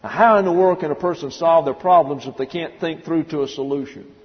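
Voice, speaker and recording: A man's voice: a little high, fairly quick. A man preaching an expository sermon, emphatic, stopping to spell out Greek words letter by letter. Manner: emphatic, drills word by word, spells out Greek terms. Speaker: pastor. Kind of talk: expository Bible teaching sermon. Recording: dull, long-reverb church hall recording.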